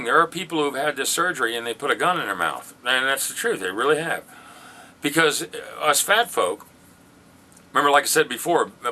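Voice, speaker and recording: A man's voice: medium pitch, pushed and bright. An older man talking casually about his life, rambling and self-deprecating with many fillers and restarts. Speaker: vlogger sharing weight-loss experience. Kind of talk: casual personal monologue. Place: military base in Afghanistan.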